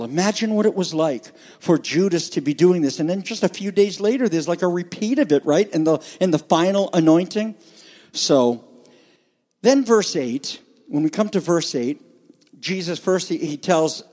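A man's voice: high voice, dark tone. A pastor delivering a conversational sermon with emphatic phrasing, explaining scripture to his congregation. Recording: long hall reverb.

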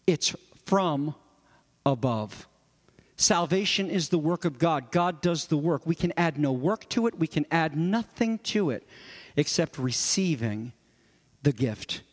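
Male pastor, sermon, emphatic, earnest, high voice, long church reverb. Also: expressive, a little slow. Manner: emphatic, earnest, explanatory, with repeated rhetorical stress.

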